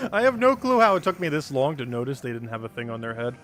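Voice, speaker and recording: A man's voice: mid-range voice, quick pace, fairly bright tone, soft background music. A man chatting casually as a live streamer while playing, answering his chat and laughing often. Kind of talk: casual gameplay commentary.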